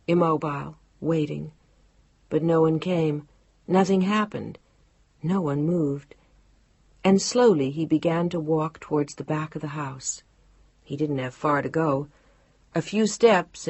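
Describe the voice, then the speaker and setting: Low, husky female audiobook narrator. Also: darkish tone, no room sound. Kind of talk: scripted narration.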